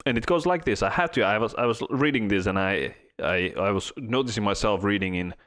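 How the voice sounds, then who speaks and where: A man hosting a casual podcast, chatting and reading hotel reviews aloud, often halting and restarting mid-sentence. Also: on the low side, lively intonation, fairly bright tone. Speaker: podcast host. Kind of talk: casual chat.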